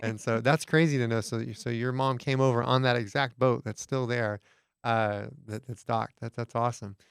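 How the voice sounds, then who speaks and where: A male podcast host in a relaxed interview, talking with a gravelly yet smooth voice. He laughs easily and loops back to rephrase his questions. The sound is dry and close. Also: medium pitch, moderate pace, no echo. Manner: laughs often, restarts questions. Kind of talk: casual interview.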